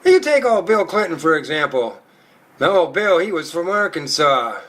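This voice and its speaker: A man's voice: a little high, very animated, normal speed, a bit bright. A male stand-up comedian telling a crude, profane routine in a rowdy storytelling manner.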